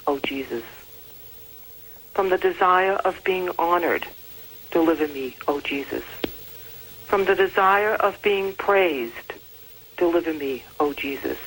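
Woman caller, devout litany reader, low-pitched, steady measured cadence. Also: a little hiss or hum, rough recording. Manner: steady, devout, repetitive call-and-response cadence. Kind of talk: reciting a litany prayer.

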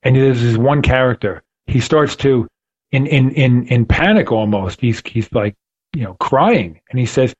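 A man's voice: medium pitch, lively intonation, unhurried, husky. Earnest preacherly man, dull lo-fi sound. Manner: earnest, preacherly emphasis with repetitions. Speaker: podcast host. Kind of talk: faith podcast conversation.

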